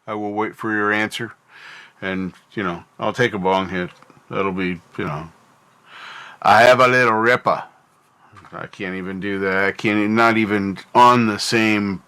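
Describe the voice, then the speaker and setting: A man's voice: on the low side, sharp tone, clear, resonant tone. A North American man hosting a livestream, rambling casually and thinking aloud while he answers his chat. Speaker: livestream host.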